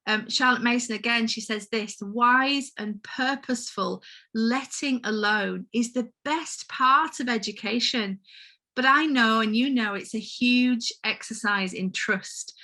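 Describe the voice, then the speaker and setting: A woman's voice: mid-range voice, pushed and bright. A woman giving a personal conference talk as a home-educating mother, speaking earnestly and heartfeltly and addressing the audience directly.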